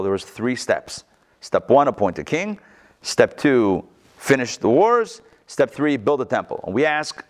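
A man teaching a Torah text-study class in a conversational way, asking the class rhetorical questions and swinging his pitch for emphasis.

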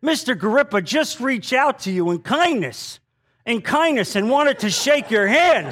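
A man voicing a stern male courtroom judge who speaks with slow, raised emphasis. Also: extremely high pitch, a bit bright, slight background noise, voice pushed up. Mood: indignant.

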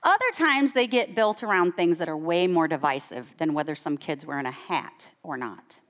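A woman in her forties or fifties preaching a sermon as a guest speaker, telling a personal story with animated, emphatic rises in her voice. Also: moderate pace. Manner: animated, rising to high emphatic peaks. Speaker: guest speaker and women's Bible teacher.

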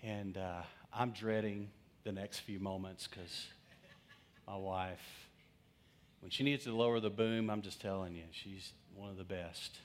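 Guy pastor, kinda low voice, preaching with a funny story, does the voices of everyone in it. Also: steady tone, a little slow, slight background noise. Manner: humorous, acts out quoted voices. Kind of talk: storytelling sermon.

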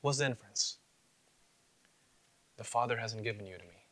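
A man's voice: fairly low pitch, normal speed, fairly bright tone, a little hiss or hum. A man preaching a sermon as pastor, earnest and building to emphatic rebukes, sometimes mimicking listeners' excuses in a casual voice.

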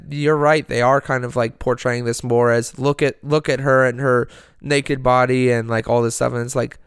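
A man's voice: medium pitch, smooth, no echo, studio quality. A man co-hosting a podcast in casual chat, enthusiastic and rambling, swearing freely. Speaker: podcast co-host.

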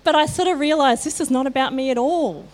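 Woman, middle-aged, church speaker; fairly high voice, candid storytelling sermon with dry self-mockery. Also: fairly quick, a little mellow.

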